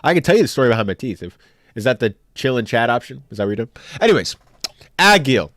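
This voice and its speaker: A young man talks casually on a live stream and keeps joking back at his chat. His pitch swings widely from low mutters to sudden high bursts. The sound is dry and close to the mic, with no room echo. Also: big pitch swings, fast talker, fairly bright tone.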